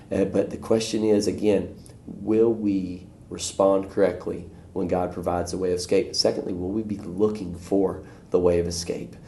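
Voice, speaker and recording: A man teaching a church video lesson, telling folksy stories and acting out voices in a high, excited tone. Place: church room. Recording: echoey room.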